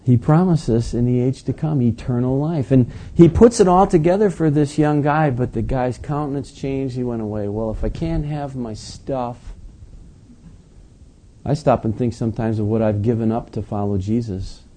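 A man's voice: mid-range voice, normal speed, hardly any pauses, dark tone. A man preaching a sermon in a conversational, folksy way, with joking asides to his congregation. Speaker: pastor.

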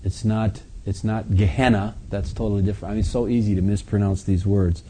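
A man preaching a sermon, reading scripture aloud and swinging between quiet asides and loud, forceful passages. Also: on the low side, level tone, fairly quick, slight background noise. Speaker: pastor.

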